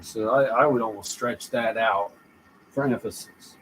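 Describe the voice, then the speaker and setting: A man's voice: on the low side, steady tone, measured pace, a bit bright, a little hiss or hum, rough recording. A man thinking aloud as he drafts rhyming lines, repeating phrases and trying them out with sudden emphatic bursts. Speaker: podcast host writing rhymes. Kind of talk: thinking aloud while writing lyrics.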